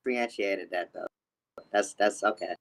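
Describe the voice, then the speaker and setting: Laid-back co-host, halting and casual. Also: male voice, fairly low pitch, creaky. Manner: relaxed and halting, with loose casual grammar. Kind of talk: casual chat.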